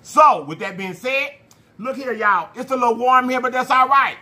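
High, bright-voiced playful vlog host. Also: male voice. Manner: animated, playful, drawn-out hype calls; slang-heavy, addresses viewers as y'all. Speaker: mukbang channel host. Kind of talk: casual vlog talk to viewers.

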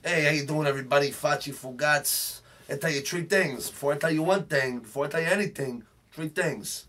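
A man's voice: a little high, a little fast. A man playing a brash, swaggering Brooklyn tough guy, delivering a profane, boastful comedic rant. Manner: boastful, profane, shouting rants. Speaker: comedic character host. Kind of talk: comedic character monologue.

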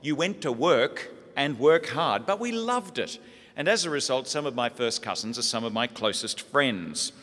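An Australian priest telling funny family stories in a lively sermon talk. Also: male voice, mid-range voice, moderate pace. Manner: lively comic storytelling. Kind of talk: humorous sermon storytelling. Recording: echoey hall.

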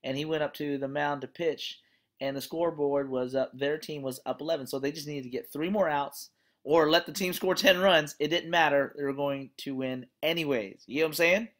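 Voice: mid-range voice, a little fast. A course instructor wrapping up a class with a chatty story, talking in a conversational, earnest and encouraging way with plenty of fillers. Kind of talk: closing lecture with a story.

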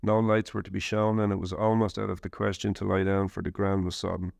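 Low gravelly man reading a memoir. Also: no echo, studio quality. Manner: measured, steady reading. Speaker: narrator. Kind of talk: scripted first-person memoir reading.

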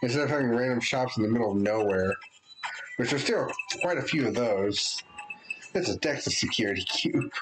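A man's voice: medium pitch, moderate pace, low-quality recording. A man hosting a let's play, casually reading game text aloud and chatting as he plays. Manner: relaxed, chatty, thinks aloud with restarts. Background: game music.

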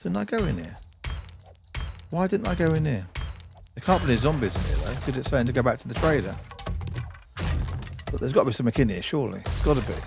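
A man's voice: mid-range voice, vocal fry. A man streaming a game, giving chatty let's-play commentary and talking to himself and to objects on screen.

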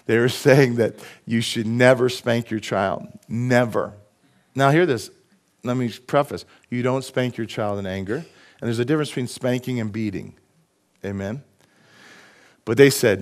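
A middle-aged man preaching a sermon in a church, lively and conversational, with frequent asides to his congregation. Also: mid-range voice, normal speed. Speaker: pastor. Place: church sanctuary.

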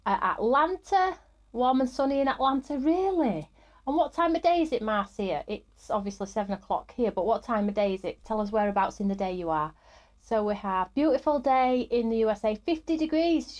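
Chatty woman, upbeat live host. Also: a little high. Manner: upbeat, greets viewers by name. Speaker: host of a live craft stream. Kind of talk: chatty live-stream presenting.

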